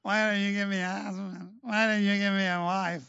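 A man's voice: high voice, fairly even intonation, fairly quick, pushed and bright, clean tone, no room sound, muffled recording. A man putting on a nasal whining complainer. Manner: nasal whine, petulant moaning. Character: whining, grumbling adult complainer.

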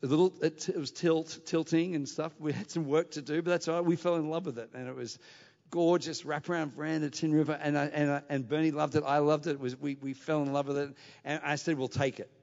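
A man preaches from the pulpit, telling his story with animated energy and then pressing his congregation to act. His voice sits a little high, and it rings with a long reverb through a large hall. The recording sounds muffled and dull. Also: quick pace, vocal fry. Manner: animated, anecdotal, rising to exhortation. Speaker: pastor. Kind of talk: sermon with storytelling.

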